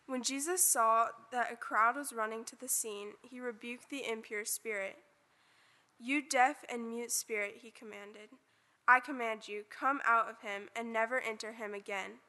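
A woman's voice: fairly high pitch, sharp tone. A woman reading a Bible passage aloud in church, lifting her voice for the quoted speech. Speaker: scripture reader. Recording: church hall reverb.

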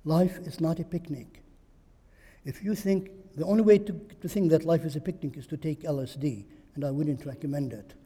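A man's voice: a little high, normal speed, warm tone, slightly rough, big-room sound. A man preaching a sermon in church, emphatic and repeating phrases for stress. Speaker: pastor.

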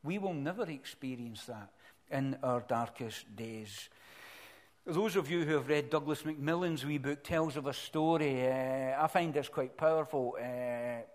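This sermon comes from a middle-aged preacher whose voice sits at a medium pitch. His delivery is sincere and thoughtful, broken by frequent pauses and sentences he begins again.

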